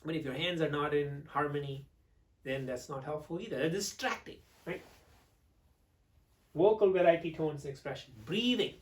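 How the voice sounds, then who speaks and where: A man teaching public speaking to camera, expressive, swinging between loud and hushed delivery. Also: fairly high pitch, normal speed, far from the mic.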